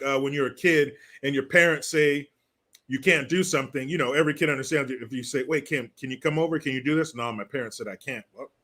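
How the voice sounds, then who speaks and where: A man's voice: a little high, bright, forceful tone. A man hosting a casual commentary show, reading out viewer messages and joking between them with frequent laughs. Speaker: host.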